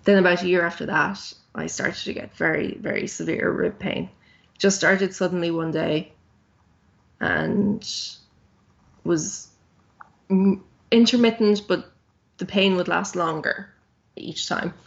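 A woman's voice: on the low side, a little slow, gravelly, long pauses, lo-fi sound. A woman in her thirties, a podcast guest telling her own story in a candid, plain-spoken way with frequent ums.

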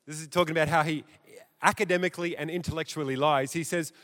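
Man, preacher, theatrical sermon, somewhat high voice, reverberant church hall. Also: quick pace. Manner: animated, theatrical, rising and dropping loudness.

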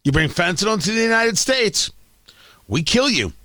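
Male talk host, sarcastic ranter, bright tense tone, dry close sound. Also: high voice, sing-song, normal speed, dry recording. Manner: sarcastic, ranting, stammers when worked up. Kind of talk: opinion talk show commentary.

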